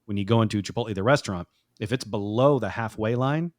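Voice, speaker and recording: A man's voice: fairly low pitch, quick pace, dry recording. A man hosting a podcast, teasing his co-host with dry jokes in casual banter over a video call.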